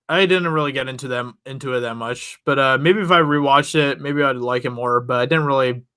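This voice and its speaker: A man's voice: mid-range voice, bright, forceful tone, smooth. A young man hosting his channel, casually telling a rambling personal story to his viewers and laughing often. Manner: rambling, chatty, laughs often, many restarts. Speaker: channel host.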